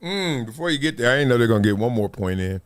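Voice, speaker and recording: A man in his fifties hosting a talk show, telling stories in a casual, animated way and acting out other people's lines. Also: medium pitch, fast, smooth. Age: 50s. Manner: animated storytelling, acts out quoted voices, frequent laughs. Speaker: show host.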